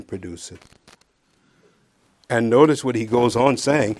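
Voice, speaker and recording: A man preaching a sermon, reading scripture slowly and swinging between loud emphatic peaks and quiet asides. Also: medium pitch. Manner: reads scripture aloud slowly and deliberately.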